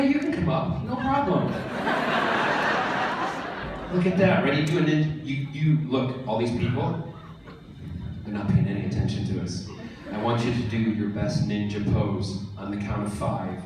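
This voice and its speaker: A man on stage at a fan convention panel, teasing the audience and telling a lively anecdote. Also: medium pitch, measured pace, long pauses, noisy background. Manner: playful, teasing, theatrical. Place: large convention hall. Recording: echoey hall taped from far off. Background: audience crowd.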